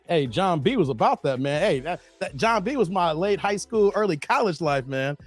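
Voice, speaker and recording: A man in his forties talks in a high voice that leaps up and down as he chats with his viewers. He laughs a lot and keeps slipping into snatches of song. Faint music plays behind him. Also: moderate pace. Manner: animated, breaks into snatches of song, laughs often. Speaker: host reading live chat. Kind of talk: casual livestream commentary.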